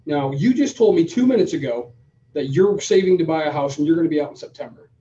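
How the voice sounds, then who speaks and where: A man co-hosting a podcast, telling a story in a casual, animated way and acting out both sides of the conversation. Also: fairly high pitch, quick pace. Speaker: podcast co-host. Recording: roomy, distant, dull sound.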